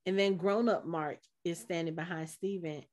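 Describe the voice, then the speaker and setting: A woman's voice: on the low side, normal speed. A woman co-hosting a podcast, recapping an episode in casual chat and acting out the characters' lines. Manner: animated, acts out character quotes. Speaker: podcast co-host.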